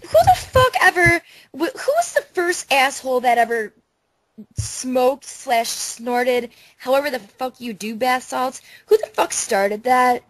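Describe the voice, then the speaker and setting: A woman's voice: high-pitched, animated, unhurried, low-quality recording. Blunt, swearing woman ranting. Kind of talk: casual podcast chat.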